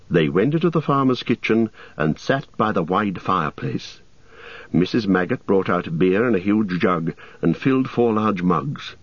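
Male audiobook narrator, low and husky, lively delivery, dull dry recording. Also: no echo. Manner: measured, expressive storytelling. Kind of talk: audiobook reading.

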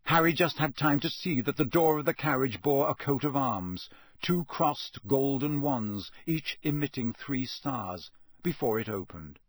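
A man reading a storybook aloud in measured scripted narration. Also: mid-range voice, animated, no room sound. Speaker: audiobook narrator.

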